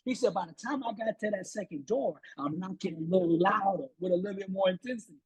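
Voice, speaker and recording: A man's voice: high-pitched, quick pace, few pauses, slightly rough, poor audio. A man speaking as a motivational guest, telling a sales story with rising energy, repeating words and preaching about persistence. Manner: animated, preachy, repeats words when fired up.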